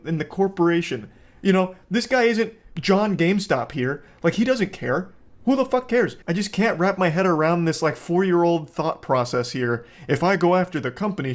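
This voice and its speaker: A man rants with sarcastic exasperation, mocking the people he talks about. His voice sits a little high for a man. It is profane, comedic commentary. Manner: sarcastic, exasperated ranting with mock-groveling voices. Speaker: commentary YouTuber.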